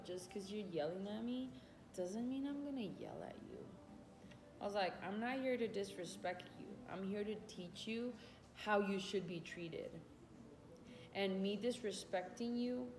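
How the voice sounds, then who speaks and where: A woman's voice: mid-range voice, gravelly, noisy background. A woman chatting casually about self-growth, retelling classroom exchanges and calling listeners honey. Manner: retells classroom exchanges and talks to her dog; calls listeners honey and baby. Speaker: vlogger. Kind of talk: casual self-help talk. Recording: echoey room.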